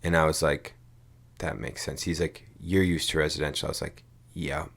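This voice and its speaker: A man's voice: rumbling low, steady tone, moderate pace, fairly bright tone. A man co-hosting a podcast, telling a rambling story in casual chat, swearing casually and saying "dude" and "like" a lot. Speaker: podcast co-host.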